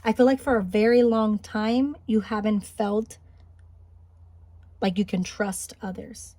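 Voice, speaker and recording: A woman giving a spiritual pick-a-card reading, gentle and encouraging, thinking aloud with small restarts. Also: mid-range voice, fairly even intonation, unhurried, no room sound. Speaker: tarot card reader. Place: home, Highland Park, California.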